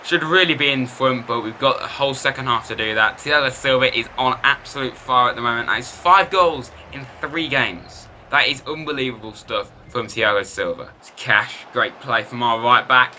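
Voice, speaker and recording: A man commentating his football video game in a lively, self-mocking way. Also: mid-range voice, moderate pace, hardly any pauses, a little hiss or hum. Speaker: gaming YouTuber.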